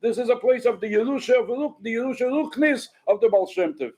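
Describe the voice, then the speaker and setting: A man's voice: very high-pitched, a little fast, dark tone, low-quality recording. A man speaking as a rabbi at a farbrengen, telling stories with frequent restarts. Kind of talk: farbrengen talk. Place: synagogue.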